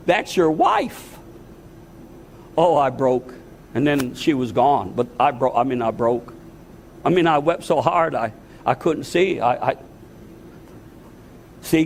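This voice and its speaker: Older male preacher in his sixties, earnest and repetitive, slightly high pitched, telling a heartfelt testimony from the pulpit. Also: gravelly, a little hiss or hum. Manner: earnest, repetitive, emotional storytelling. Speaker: pastor. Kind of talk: testimony sermon.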